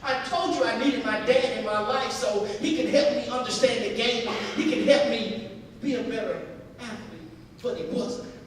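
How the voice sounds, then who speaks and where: A man's voice: high voice, big pitch swings, normal speed, long pauses. A man voicing a hopeful teenage basketball player in a spoken story, talking earnestly and pleadingly. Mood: upset. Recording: echoey hall from far off with noise.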